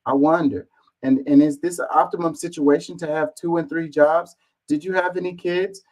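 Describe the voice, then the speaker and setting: A man's voice: fairly high pitch, fairly even intonation, normal speed, a little mellow, poor audio. A man reading online comments aloud and answering them in an exasperated, casual rant, swearing and firing off rhetorical questions.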